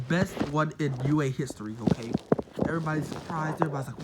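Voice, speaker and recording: A man's voice: on the high side, fast talker, heavy background noise. A man casually retelling a made-up story, rambling with lots of fillers and self-corrections.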